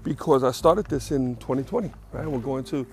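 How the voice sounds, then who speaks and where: A man's voice: mid-range voice, fairly quick, darkish tone, faint music behind. A man hosting his own podcast in casual solo chat, rambling and correcting himself, a little out of breath. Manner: rambling, self-correcting, chatty. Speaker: podcast host.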